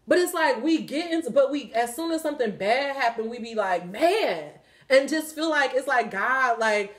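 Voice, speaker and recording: A woman giving a casual spiritual tarot reading, animated and profane, often laughing as she talks. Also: high-pitched, normal speed. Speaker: tarot reader.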